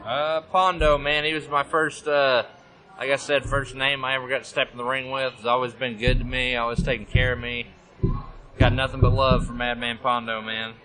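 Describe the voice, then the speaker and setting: A man's voice: medium pitch, little pitch movement, moderate pace, a crowd in the background, low-quality recording. A man guesting on a podcast at a convention, swearing a lot and joking as he tells stories. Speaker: pro wrestler guest. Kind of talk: casual interview. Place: busy convention hall.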